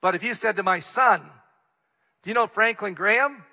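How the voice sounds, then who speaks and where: Bright-voiced man preaching. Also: sits high, moderate pace. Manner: earnest, reads scripture then explains plainly. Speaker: pastor. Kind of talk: sermon. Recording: long reverb of a large hall.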